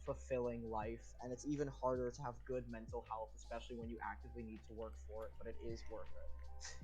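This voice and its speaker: Trans man, voice breaking, mid-pitched, rambling casual stream chat, lots of swearing. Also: flat delivery, quick pace, a little mellow, soft background music, rough recording. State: voice dropping and cracking on testosterone.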